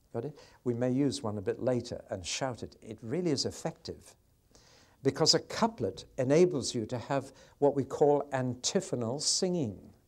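A man giving a lively Bible teaching on poetry, often asking the audience questions and changing his pace. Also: medium pitch. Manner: expressive, varies pace, asks the audience questions. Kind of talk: sermon-style Bible teaching.

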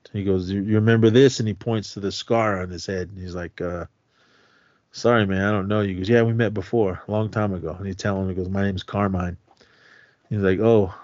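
A man with a slightly low voice walks through a film's story in a loose, rambling podcast chat, acting out each line with "he goes." The sound is dry and a bit dull and lo-fi, with no room around it. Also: a little mellow, no room sound. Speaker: podcast co-host. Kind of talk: casual film recap.

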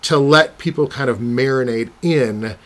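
A man hosting a casual podcast conversation, animated and quick to laugh. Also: mid-range voice. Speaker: podcast host.

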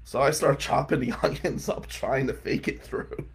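A man in his forties with a gravelly, husky voice tells comic stories in a loose, casual way. He pokes fun at himself and jumps into the voices of the people he describes. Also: medium pitch, normal speed. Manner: animated, self-mocking, acts out quotes. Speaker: lawyer.

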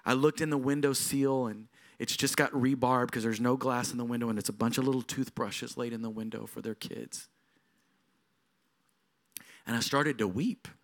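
A middle-aged man, a lead pastor, preaching a sermon in a storytelling way that moves from quiet moments to emphatic passages. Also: medium pitch, steady tone, normal speed.

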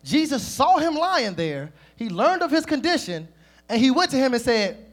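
Male preacher, sermon delivery, very animated pitch, slightly husky, speaks straight to the congregation. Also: normal speed. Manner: lively, addresses the congregation directly.

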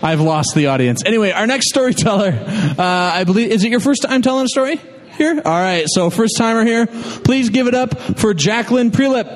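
A man's voice: sits high, animated, brisk, big-room sound. A man hosting a live storytelling night, cracking jokes and laughing through rambling stage banter.

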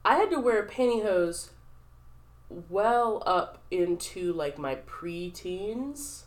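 A woman's voice: on the low side, animated, takes it slowly. A young woman from the southern United States, co-hosting a casual podcast chat, rambling through a story with lots of fillers and quoted voices. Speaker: podcast co-host.

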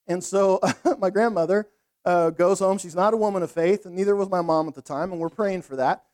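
A middle-aged man preaching a sermon in a conversational, animated storytelling way, with laughs. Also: high-pitched, a little fast. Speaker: pastor.

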